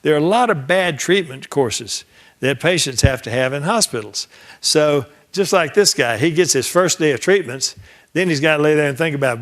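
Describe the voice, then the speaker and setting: A man's voice: a little high, animated, normal speed, a bit bright. An older man, a trial lawyer, teaching a class through case anecdotes, acting out the dialogue and often restarting his sentences. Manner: conversational storyteller who acts out quoted dialogue; frequent restarts and repeated words. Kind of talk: anecdotal lecture.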